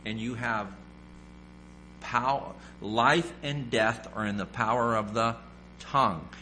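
A male pastor delivering a sermon with a bright, forceful tone. He asks the listeners questions and acts out the people in his stories. A faint hum sits under the recording. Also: mid-range voice, steady tone, slow pace, low-quality recording. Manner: preaching, acting out quoted voices, asking the congregation questions.

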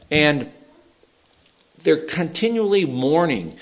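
A man preaching a sermon in an animated, humorous way, acting out Bible figures as he tells the stories. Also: medium pitch, measured pace. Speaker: pastor.

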